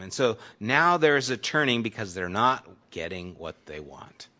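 Bright-voiced man preaching conversationally. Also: lowish voice, very animated, measured pace, few pauses, dull audio. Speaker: pastor. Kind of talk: sermon, Bible teaching.

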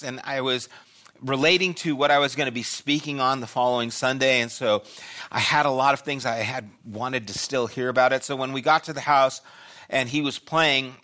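An older man preaching a sermon as pastor, telling a personal story with loud bursts and quiet asides. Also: medium pitch.

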